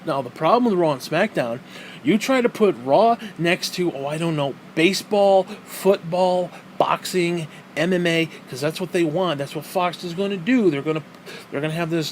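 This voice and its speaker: A man with a slightly high voice rants alone into the mic, swearing constantly and firing off incredulous rhetorical questions. He veers between loud disbelief and muttered asides. A faint hum sits under the recording. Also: normal speed. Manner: profane, exasperated ranting with mocking rhetorical questions. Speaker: podcast host. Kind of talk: solo ranting podcast monologue.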